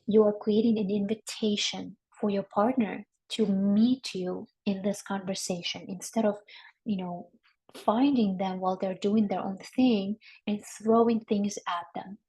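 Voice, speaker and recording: A woman, a marriage and family therapist, teaching a workshop in a calm, instructive way, often checking in with listeners. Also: medium pitch, a little slow, low-quality recording.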